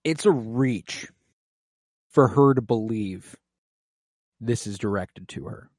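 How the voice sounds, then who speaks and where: A man's voice: fairly low pitch, takes it slowly, darkish tone, no echo. Male podcast co-host, casual and emotional episode recap, dry close sound. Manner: emotional, swears casually, says "like" often.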